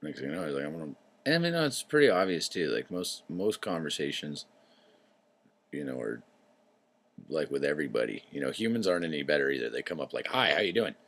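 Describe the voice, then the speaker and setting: A man hosting his own show, talking in a loose, rambling monologue that drifts into tangents, swearing freely and clearing his throat often. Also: a bass voice, big pitch swings, fast, a bit bright. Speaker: show host.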